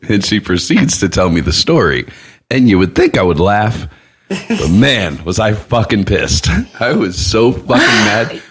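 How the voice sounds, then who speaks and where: Low husky guy hosting a podcast, swearing, pitch jumping all over while he tells a story. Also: a little slow, slight background noise. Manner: animated, swearing, acts out voices in his stories. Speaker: podcast host. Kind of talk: casual storytelling chat.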